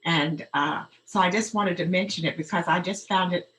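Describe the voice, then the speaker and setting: A woman sharing with a group in a hesitant, halting way. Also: lowish voice, a bit bright, rough recording. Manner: hesitant, many fillers and restarts. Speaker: participant.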